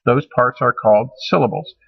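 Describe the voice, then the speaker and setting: A man teaching a recorded college humanities lecture, measured and halting, with frequent ums and restarts. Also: medium pitch, creaky, husky, muffled recording.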